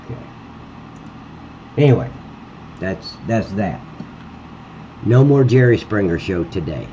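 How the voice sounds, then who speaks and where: A lower-pitched man streaming live as he works on a game map, blunt and quick to swear. His mic sounds dull and lo-fi, with a faint air conditioning hum behind him. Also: expressive, dark tone. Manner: blunt and profane, ranting at a critic. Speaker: livestreamer building a game map. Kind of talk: live-stream chat while editing.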